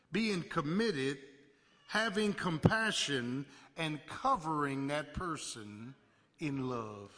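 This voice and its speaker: Male pastor, live sermon, high and lively, slow delivery with shouted peaks, hall reverb. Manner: animated preaching, call-and-response, sudden loud bursts. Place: church sanctuary.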